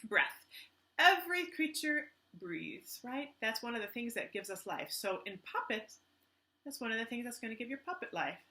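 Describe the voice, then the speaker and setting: A woman teaching artist leads a children's art lesson, enthusiastic and gently instructive. Her voice is bright and animated and pitched a little high. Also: moderate pace.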